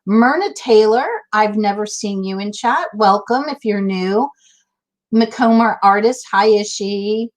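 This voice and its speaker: A woman's voice: mid-range voice, a little slow. Casual woman, live-stream host, chatty, laughs easily. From Massachusetts, USA. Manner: chatty, laughing, greets viewers by name.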